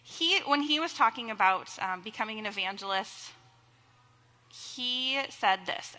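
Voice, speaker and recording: Young woman pastor preaching, high voice, jokey with the crowd, big echoey church. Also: measured pace, pushed and bright. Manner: playful, teasing asides to the congregation. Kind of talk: sermon. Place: church sanctuary. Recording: long reverb of a church hall.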